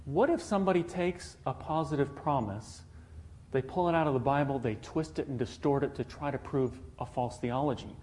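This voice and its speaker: A man's voice: medium pitch, normal speed, a little mellow. A man preaching a sermon, earnest, putting rhetorical questions to the congregation.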